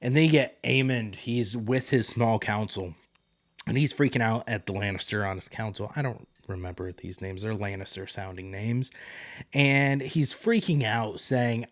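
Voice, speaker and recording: A man's voice: fairly low pitch, normal speed. A man hosting a podcast, giving a loose, rambling recap of a TV episode and paraphrasing the characters as he goes. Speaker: podcast host.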